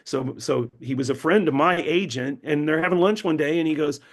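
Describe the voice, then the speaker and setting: A middle-aged man, a novelist being interviewed, telling stories animatedly, acting out quotes and often repeating words as he restarts. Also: brisk. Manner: animated, acts out quotes with big pitch jumps. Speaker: novelist guest.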